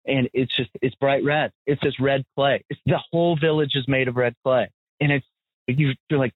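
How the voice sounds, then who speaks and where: Casting: American man, casual podcast talk, blunt animated storyteller, dry thin phone-like sound. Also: mid-range voice, normal speed, no room sound. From United States. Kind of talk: casual chat. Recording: tinny phone-like audio, dry.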